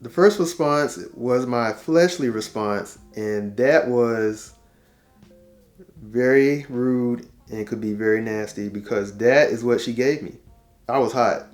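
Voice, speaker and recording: A man's voice: medium pitch, slow pace, faint music behind. A man in his forties telling a family story as a casual advice talk, acting out the dialogue with slang and laughing at himself. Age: 40s. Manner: conversational, uses slang and repetition. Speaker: relationship talk host.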